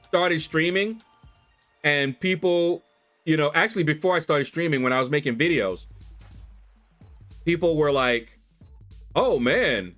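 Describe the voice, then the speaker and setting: A man from Kentucky hosting a relaxed livestream chat, telling animated stories with laughs and playful voices into a desk microphone. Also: on the high side. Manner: animated storyteller, laughs, squeals in mock voices. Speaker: livestream host. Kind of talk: casual chat with viewers. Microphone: desk USB microphone. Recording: faint background music.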